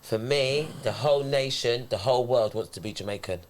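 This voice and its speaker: A man speaks in a casual group discussion and gives his opinions firmly and emphatically. His voice has an ordinary, mid-range pitch. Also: a little fast.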